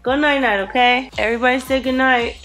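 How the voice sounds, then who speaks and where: A woman's voice: sits high, steady tone, a little fast, poor audio. Young woman vlogging, aave, sassy and bossy with the kids, music going in the back. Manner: sassy, scolding the kids, then hushed at night. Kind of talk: casual vlog narration.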